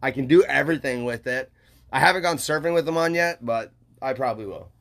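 A man's voice: medium pitch, fairly quick, vocal fry, fairly bright tone. A man co-hosting a podcast in a laid-back, joking chat, full of dude and bro. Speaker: podcast co-host. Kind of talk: casual chat.

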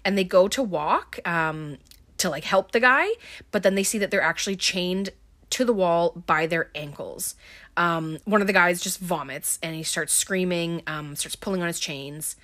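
A woman's voice: fairly low pitch, moderate pace, fairly bright tone. A woman casually recapping a movie plot, chatty and filled with ums and likes, with wry offhand asides. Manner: chatty, heavy on filler words.

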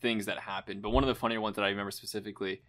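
A young man co-hosting a casual chat, relaxed, chiming in and retelling stories. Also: lowish voice, very fast. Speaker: podcast co-host.

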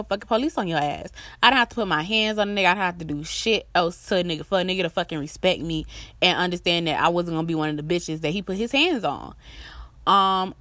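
A woman's voice: fairly low pitch, bright, forceful tone, dry recording. Blunt, foul-mouthed woman ranting. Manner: blunt, emphatic, heavy swearing, storytelling asides. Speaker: vlogger giving relationship advice. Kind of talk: casual profane rant to viewers.

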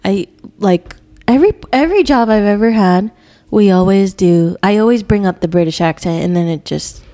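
A woman's voice: medium pitch, moderate pace, warm tone. Young female podcast co-host, casual and laughing, swears freely. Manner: giggly storyteller, swears freely. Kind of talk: casual chat.

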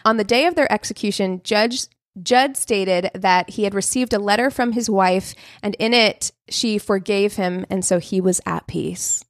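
A woman's voice: mid-range voice, moderate pace, hardly any pauses, dry recording. A woman in the middle of her range tells a true crime tale to her co-hosts, laughing between lines and swearing freely. The sound is dry and close, with no room around her. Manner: laughs often, swears, slips into mocking voices. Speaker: podcast co-host telling a true crime story. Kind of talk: casual storytelling chat.

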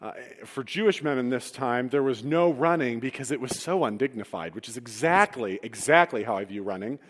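Pastor preaching in an echoing hall. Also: male voice, medium pitch, animated, a little fast, fairly bright tone, a little hiss or hum. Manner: storytelling with humorous asides. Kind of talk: sermon. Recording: long reverb of a large hall.

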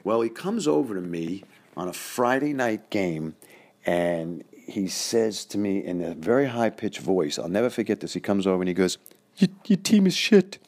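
Gravelly low New man in his sixties. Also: normal speed, darkish tone. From Queens, New York. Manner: rambling, self-correcting. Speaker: storyteller. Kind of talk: casual personal storytelling.

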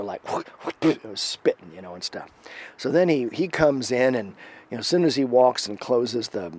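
A man tells a long personal story in a relaxed, chatty way at a middle pitch. He dips into near-whispers for the tense moments and brightens as he acts out the others' voices. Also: slightly rough. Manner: animated, acts out quoted voices, drops to a hush at tense moments. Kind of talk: casual spoken storytelling.

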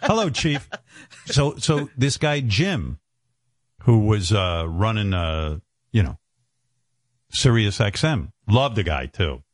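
Host, new guy, low voice, lively swoops, rambling and profane, dry close mic. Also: slow pace, pauses often, no room sound. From New York. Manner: profane, rambling storytelling with lots of fillers. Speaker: radio show host. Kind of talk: casual radio show banter.

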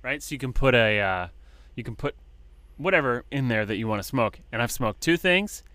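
A man's voice: medium pitch, normal speed, no echo. A man co-hosting a casual podcast over a video call, telling rambling stories with lots of fillers. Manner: relaxed, rambling storytelling with many fillers. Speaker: podcast co-host. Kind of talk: casual chat. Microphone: microphone on a video call.

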